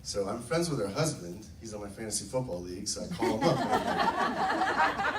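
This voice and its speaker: A network marketing distributor gives a casual, enthusiastic testimonial to a group, telling his own story and acting out what others said. His lowish voice is sing-song at a moderate pace, heard over a loud crowd through a distant mic in an echoey room.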